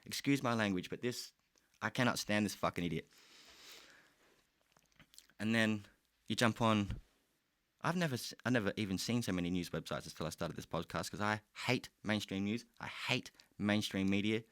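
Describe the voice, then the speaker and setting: A young Australian man hosts a solo podcast and rants with plenty of swearing. His voice sits fairly low. The recording is dry and close, with no room sound. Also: moderate pace, pauses often, fairly bright tone, no room sound. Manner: profane, heated ranting. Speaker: podcast host.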